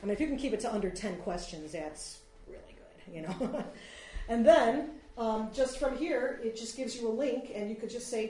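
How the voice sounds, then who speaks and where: A woman's voice: on the high side, animated, moderate pace, dark tone. A woman giving an informal workshop talk to a small group, chatty and rambling with frequent fillers. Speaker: workshop presenter. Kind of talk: informal talk on free online tools. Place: room with an audience. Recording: echoey room, slight noise.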